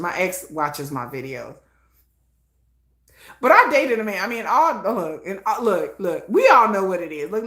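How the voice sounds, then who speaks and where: A middle-aged woman hosting a casual livestream, blunt and animated, laughing often and acting out conversations. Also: mid-range voice, reverberant. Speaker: livestream host.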